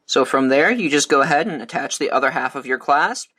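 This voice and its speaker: A man giving a calm, methodical step-by-step beading tutorial. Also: medium pitch, a little fast. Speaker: beading instructor.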